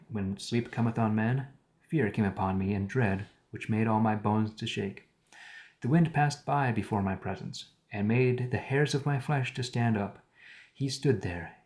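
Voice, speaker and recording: Lower-voiced man reading scripture aloud. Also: a little mellow. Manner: reads archaic text, pausing to paraphrase words and comment. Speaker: streamer reading the Bible aloud. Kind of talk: live-streamed scripture reading with commentary.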